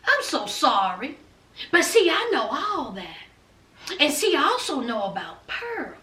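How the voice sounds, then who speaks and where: A woman's voice: high voice, huge pitch swings, unhurried, pushed and bright, exaggerated voice. A woman voicing a scheming, threatening well-off mother who speaks in a condescending, taunting way. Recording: roomy, distant from mic.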